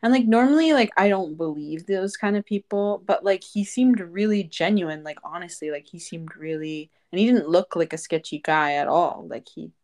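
A woman's voice: fairly low pitch, normal speed, few pauses, a little mellow. A young woman hosting a podcast, telling a story in casual chat, full of fillers and laughs. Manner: chatty storyteller, lots of "like" and laughs. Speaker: podcast host.

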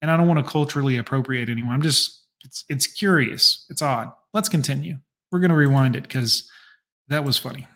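A man's voice: mid-range voice, fairly quick, a bit bright. A man hosting a reaction video, making sarcastic, mocking asides in casual, profane commentary.

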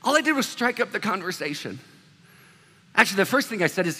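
A man's voice: a little high, lively intonation, a little fast, long pauses, sharp tone, big-room sound. A man preaching a sermon as pastor, talking in a loose, conversational way with self-deprecating asides.

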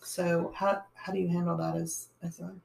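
Woman host, low gravelly voice, gentle affirming questions, echoey room. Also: little pitch movement, normal speed. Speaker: interviewer. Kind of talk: interview conversation.

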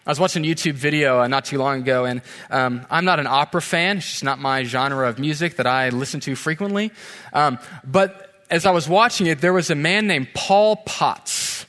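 A man preaching a sermon in a church, conversational and animated, asking the congregation rhetorical questions. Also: fairly high pitch, normal speed. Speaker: pastor. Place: church sanctuary. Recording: long church hall reverb.

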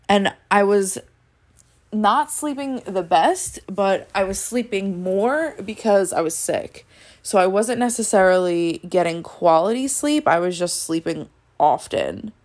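A young woman hosting a solo podcast, talking candidly and ranting with lots of swearing and filler words. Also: fairly low pitch. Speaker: podcast host. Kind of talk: casual solo podcast monologue.

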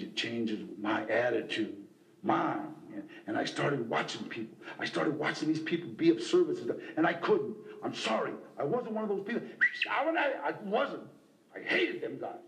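A middle-aged man tells his own story at a recovery meeting, animated and impassioned, and throws in other people's voices as he goes. His voice sits high for a man and swings widely up and down. The sound is a roomy hall captured on cassette tape. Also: vocal fry, slight background noise. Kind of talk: personal storytelling talk.

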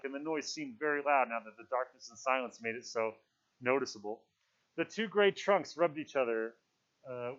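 A man's voice: medium pitch, a bit bright. A man reading a novel aloud to a class, with casual asides. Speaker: teacher. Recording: dull lo-fi recording.

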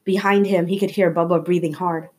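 Female audiobook reader, lowish voice, expressive storytelling with the odd stumble. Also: brisk, slightly rough. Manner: expressive storytelling, slight slips and restarts. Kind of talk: reading a novel aloud.

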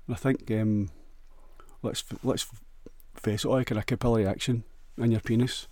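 A man's voice: medium pitch, steady tone, normal speed, warm tone, no room sound. A man with a Scottish accent rambling crudely through a jokey solo monologue, often restarting and stumbling over words.

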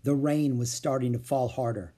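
A man with a mid-range voice reads a children's chapter book aloud at a moderate pace, delivering it as a storyteller with expressive, animated flair.

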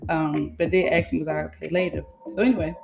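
A woman's voice: deep voice, steady tone, fast talker, vocal fry, noisy background. A woman hosting a podcast, venting in a frank, exasperated solo monologue with loose, run-on storytelling and free swearing. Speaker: podcast host.

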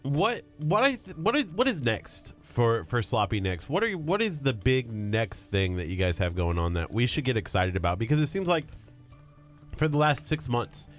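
A man co-hosting a casual interview asks his questions in a relaxed way, his pitch rising and falling a great deal. Faint music plays underneath. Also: moderate pace.

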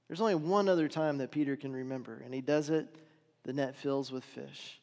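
A man preaching a sermon, retelling a story with dramatic swings between loud and hushed delivery. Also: medium pitch, a little fast, big-room sound.

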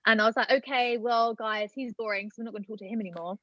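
A woman's voice: on the high side, fairly even intonation, quick pace, sharp tone, a little hiss or hum. Chatty young woman from Britain. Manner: chatty, filler-heavy with many "like" and "um". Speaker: podcast guest. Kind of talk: casual storytelling chat. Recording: dull lo-fi dry sound.

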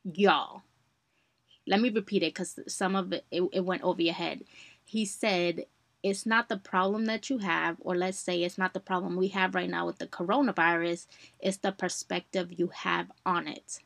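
A young woman chats through a personal story on her podcast, animated and warm toward her listeners. Her voice sits a little low. The recording is dry and close, with no room sound. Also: moderate pace, creaky, no room sound. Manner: chatty, addresses listeners as y'all, animated retellings. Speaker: podcast host.

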